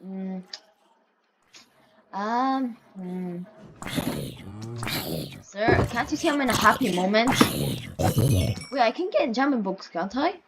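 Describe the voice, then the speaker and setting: Her voice is on the high side with lively intonation, and she speaks slowly with frequent pauses over a very noisy background. This gaming video creator comments casually on her gameplay, teasing the characters on screen and yelping mock pleas at them in pretend panic.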